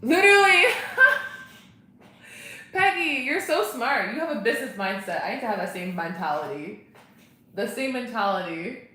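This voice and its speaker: A young woman with a medium-pitched, slightly bright voice hosts a casual livestream from home. She chats and reads out viewer comments to answer them, recorded in an echoey room with faint ambient noise.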